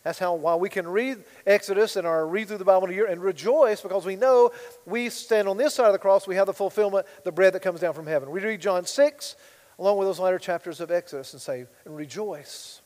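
A man preaching a sermon as pastor, swinging between loud emphatic bursts and quiet asides. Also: high voice, a little fast, in a large hall, rough recording.

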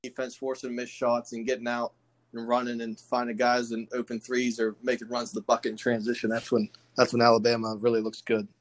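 A man's voice: mid-range voice, completely flat delivery, a little fast. A man co-hosting a casual sports podcast, talking wryly and laid-back, with casual swearing. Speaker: podcast co-host.

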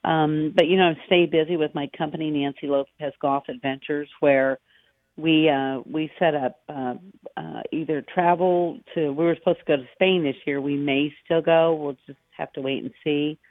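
A woman's voice: deep voice, fairly even intonation, normal speed, no echo. A middle-aged American woman, a golf professional guest on an interview, telling anecdotes in a chatty, easygoing way over the phone. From United States. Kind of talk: casual interview chat. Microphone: phone call. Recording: dry tinny phone line.

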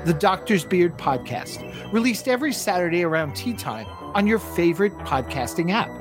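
Lively man reading a podcast promo. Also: high voice, normal speed, over music.

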